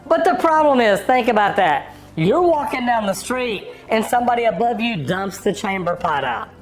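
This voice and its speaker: Lively, jokey female narrator. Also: on the high side, normal speed, music in the background. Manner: jokey and conversational, very lively intonation. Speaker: narrator of a plumbing education channel. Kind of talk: scripted narration with casual asides.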